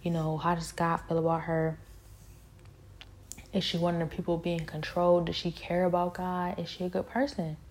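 A woman's voice: lowish voice, flat delivery, normal speed, darkish tone. A woman talking in a casual spoken monologue, intense and rambling, with pointed, confrontational questions and many fillers.

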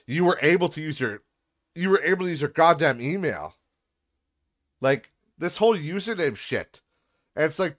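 A man's voice: fairly high pitch, fairly bright tone, dry recording, studio quality. A young man hosting a podcast, ranting in a profane, sarcastic and exasperated way. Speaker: podcast host.

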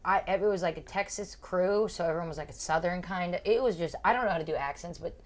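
A woman's voice: on the low side, fast talker, crowd noise. A young woman, a stand-up comedian, telling a story in casual podcast chat and acting out other people's lines in big voices. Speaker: podcast co-host.

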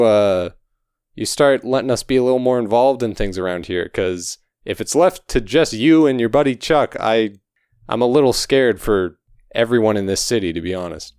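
A man playing a tabletop game, talking in character in a relaxed, plain-spoken way. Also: medium pitch, smooth, no room sound, studio quality. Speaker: player.

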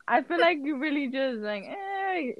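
A woman's voice: high-pitched, expressive, unhurried, no room sound, muffled recording. A teenage girl co-hosting a casual podcast chat, teasing and slangy, often laughing. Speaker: podcast co-host.

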